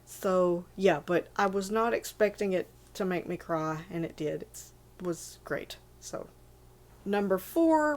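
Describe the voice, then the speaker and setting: A woman's voice: mid-range voice, a little mellow. Rambling woman in her forties. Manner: meandering, full of fillers and self-corrections. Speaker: movie list vlogger. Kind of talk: casual rambling movie talk.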